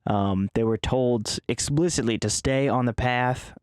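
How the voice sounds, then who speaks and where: A young man recaps a movie in a loose, rambling way, hedging with fillers as he goes. His voice comes across smooth and resonant, recorded close and dry with no room sound. He sits at a middle pitch for a man. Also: unhurried, no room sound. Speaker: podcast co-host. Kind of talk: casual movie recap chat.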